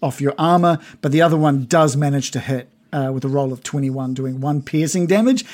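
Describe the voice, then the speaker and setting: A man's voice: medium pitch, brisk, a little mellow. A man running a tabletop game as game master, narrating in a rambling, giggly way with many fillers.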